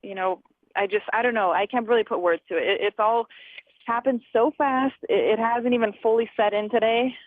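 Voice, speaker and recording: Over a tinny phone line, a young fighter in her twenties speaks briskly in a fairly high, fairly even voice. It's a phone interview where she's a guest, chatting, laughing often and acting out conversations.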